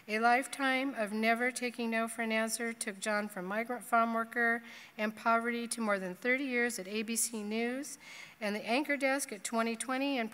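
A woman's voice: a little high, a bit bright. A woman emceeing a conference, reading a prepared introduction of the keynote speaker. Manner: reads a prepared bio. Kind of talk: scripted introduction. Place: large conference hall. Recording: reverberant hall.

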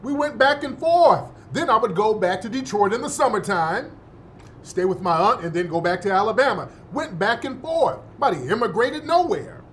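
A show host from the United States, born in the North and raised in the South, gives heated, indignant commentary, cursing and repeating phrases for emphasis. His high-pitched voice swings widely in pitch, with a fairly bright tone at a moderate pace. Slight background noise is present.

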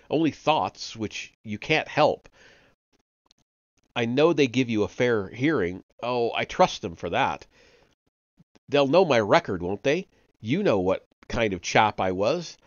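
A man's voice: medium pitch, no echo, highs cut off, close to an everyday voice. A man reading aloud and voicing a frightened, servile, middle-aged male prisoner who pleads eagerly and talks sanctimoniously. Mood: pleading.

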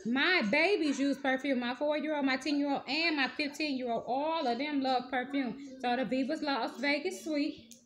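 A woman with a high, bright voice and a drawl talks casually to her viewers, reviewing perfumes she has bought. She gushes and hypes each bottle with folksy, animated slang. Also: moderate pace, slight background noise. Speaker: beauty vlogger.

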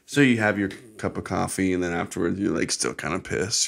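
Speaking quickly with hardly any pauses, this young American podcast host delivers a casual solo monologue that rambles, swears, and drips with sarcasm. His low voice swings widely in pitch and carries vocal fry.

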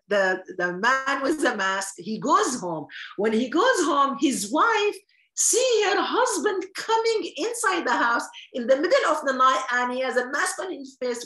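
A woman retells a traditional story with animation and acts out its dialogue. Her voice sits a little high. The sound carries the echo of a reverberant room. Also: pushed and bright.

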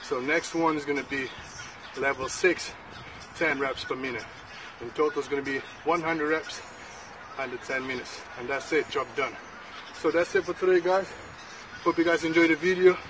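Male fitness vlogger, winded, fairly high voice, mic set back outdoors, faint noise. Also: far from the mic. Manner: pumped-up self-talk between sets. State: out of breath. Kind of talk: workout vlog, counting reps.

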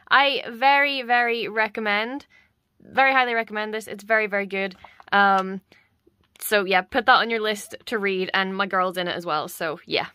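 A woman's voice: mid-range voice, pushed and bright, dry recording. A young woman casually showing off her collection in a vlog, gushing and enthusiastic with lots of ums and repeated words. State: slightly out of breath. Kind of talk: casual show-and-tell vlog.

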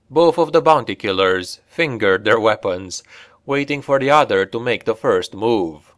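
A male audiobook narrator with a low voice reads scripted fantasy slowly, in a steady, measured manner. The recording is clean studio sound with no room noise.

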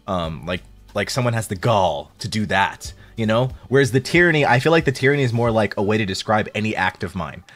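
A young man streaming, telling stories in a loose, laughing chat and breaking into high squealed impressions of friends. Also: expressive, brisk, a bit bright, soft background music. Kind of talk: casual chat to a stream audience.

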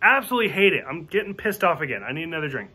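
A man with a high, bright voice giving a casual movie review. He rants frankly and swears freely, leaning on "like" as filler. He acts out quoted lines as he goes. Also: very animated, racing, husky.

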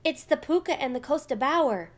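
A woman voicing a frightened little immigrant girl in a storybook, high and tearful. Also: expressive, measured pace.

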